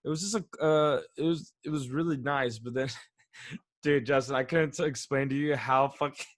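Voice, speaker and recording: A man's voice: mid-range voice, steady tone, moderate pace. A young man co-hosting a podcast, telling a rambling story with lots of swearing and restarts. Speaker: podcast co-host. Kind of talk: casual storytelling chat.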